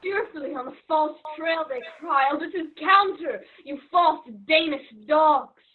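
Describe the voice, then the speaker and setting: A woman's voice: high-pitched, moderate pace, close to an everyday voice. Actress as an alarmed queen on a noisy phone-like line. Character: Gertrude, anxious queen. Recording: tinny phone line with loud noise and clicks.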